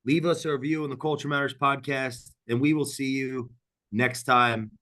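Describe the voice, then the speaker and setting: Male podcast host, mid-pitched, energetic and jokey, rambles on in loose casual chat. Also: moderate pace.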